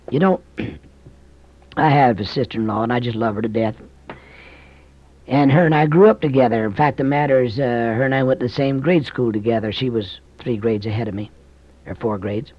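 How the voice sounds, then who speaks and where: A man's voice: mid-range voice, normal speed, slightly rough, no echo. A male preacher delivering a sermon, mixing folksy storytelling with emphatic scripture reading. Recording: dull, dry recording.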